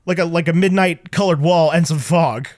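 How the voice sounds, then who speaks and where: High-pitched guy on a movie podcast, super animated, trips over his words, dry close mic. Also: normal speed, no echo. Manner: animated, stumbling restarts, quotes people in voices. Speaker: podcast co-host. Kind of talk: casual movie chat.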